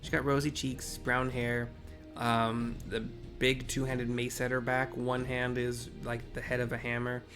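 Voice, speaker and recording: A man's voice: medium pitch, monotone, a little slow, music in the background. A man casually narrating and describing a game scene, rambling and often correcting himself.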